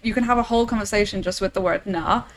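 A woman's voice: medium pitch, fast, rough recording. A woman from the south of England with a Southern English accent, chatting casually, laughing often and trailing off mid-sentence. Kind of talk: casual chat.

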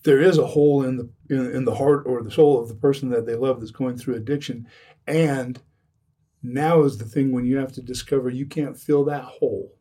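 An earnest man talks with a mellow, slightly husky voice, circling back and restarting his sentences as he makes his point. He sits a bit back from the microphone, so the sound is a little distant. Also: mid-range voice, steady tone, normal speed. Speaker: addiction recovery speaker. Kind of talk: earnest podcast conversation.

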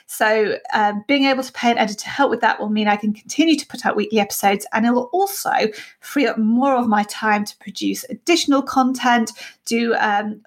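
A woman hosting a podcast interview, speaking earnestly with easy laughter. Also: on the high side. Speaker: podcast host.

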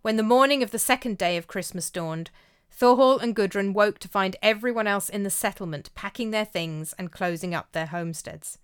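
A woman narrating a folk tale in a measured, expressive way. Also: medium pitch, clean tone. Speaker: storyteller. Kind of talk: storytelling narration.

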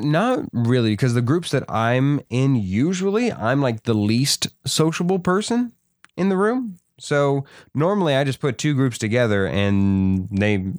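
A man's voice: medium pitch, animated, a little slow, dry recording, studio quality. A young man chatting casually, hesitant, often restarting and repeating words. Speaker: conversation partner. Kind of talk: casual chat.

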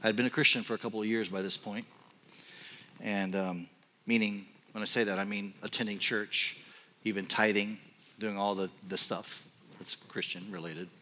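A pastor in his fifties from Texas, preaching a sermon and telling a personal story with animated, self-deprecating humor. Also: lowish voice, normal speed, a little hiss or hum. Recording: long reverb of a large hall.

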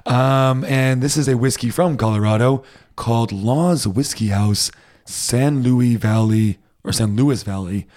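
A man's voice: medium pitch, unhurried, a little mellow. A man from Rhode Island co-hosting a podcast, chatting casually and laughing often. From Rhode Island, United States. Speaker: podcast co-host. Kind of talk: casual chat.

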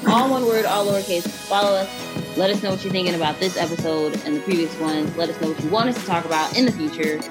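A woman's voice: on the low side, quick pace, over loud music. A woman co-hosting a podcast in casual chat, chatty and upbeat as she wraps up the show. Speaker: podcast co-host.

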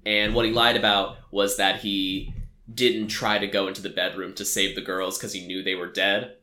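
A young man who sounds like a casual podcast host rambles through a movie plot, leaning heavily on "like" and "um." His bright, forward voice sits low with little pitch movement at a normal speed, and it echoes off the walls of the room.

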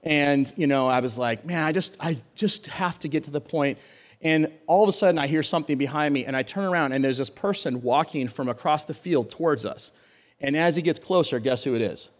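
A young man gives a relaxed, conversational sermon. He has a slightly higher-pitched voice, and he acts out quoted dialogue with quick shifts, full of "like" and "I mean". He talks as if to a congregation. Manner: animated storyteller acting out quoted dialogue, frequent fillers and laughs. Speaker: pastor.

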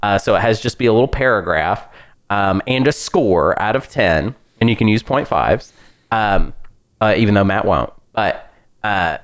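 A young adult man co-hosting a casual podcast chat, animated and quick to jump into high joking voices. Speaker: podcast co-host.

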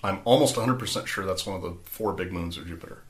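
A man's voice: deep voice, fast talker, fairly bright tone, slight background noise. A man narrating a tabletop game as game master, rambling and conversational, with many fillers.

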